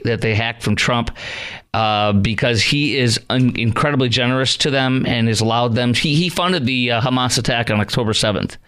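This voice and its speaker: A man's voice: mid-range voice, a bit bright, smooth. A man hosting a talk radio show, delivering a sarcastic, rambling monologue full of restarts.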